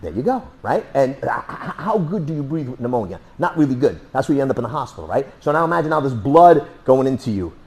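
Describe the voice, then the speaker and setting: Blunt, animated man teaching self-defense. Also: mid-range voice, quick pace, few pauses. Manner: blunt, joking, swears casually; animated, sound effects while demonstrating. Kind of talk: hands-on class instruction.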